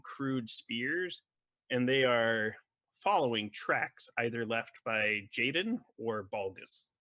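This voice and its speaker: Bright-voiced male game master. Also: medium pitch, dry recording. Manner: descriptive, guiding players through rolls. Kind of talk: narrating a tabletop game.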